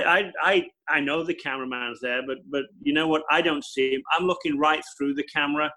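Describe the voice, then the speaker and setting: A man who works as a television presenter, explaining his craft in an emphatic, animated way during an interview. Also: mid-range voice, poor audio. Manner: animated, emphatic storytelling with repeated phrases. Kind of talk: conversational interview answers.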